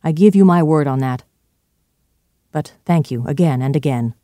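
A reader voicing a fifty-year-old male doctor in a storybook reading, earnest and pleading but turning sharp and firm when pressed. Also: mid-range voice, moderate pace, no room sound, clean studio sound, lightly acted. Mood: warm earnest.

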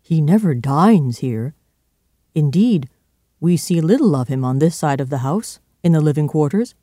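A man's voice: on the high side, animated, normal speed, dark tone, no echo, studio quality. A man voicing a stern, formal butler. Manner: formal and respectful. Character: stern, deferential male butler.

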